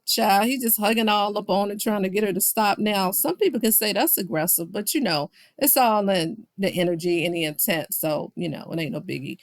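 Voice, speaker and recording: A woman's voice: mid-range voice, fairly quick, hardly any pauses, no room sound. A woman recapping a reality show in casual commentary, talking straight to her viewers and quoting people with playful shifts of voice. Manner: chatty, quotes people with playful voice swings.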